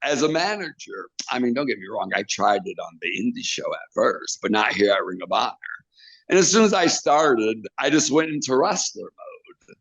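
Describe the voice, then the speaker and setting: Telling interview stories, a wrestling trainer and manager speaks at a moderate pace in a mid-range voice, animatedly performing other people's quotes in their voices. The audio is dull and lo-fi, with no room sound.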